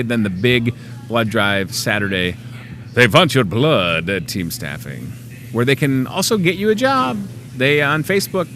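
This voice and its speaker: A man's voice: mid-range voice, a bit bright, a little hiss or hum. A man hosting a local TV show in casual on-air chat, chatty and joking at his own expense. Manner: chatty, joking, self-mocking.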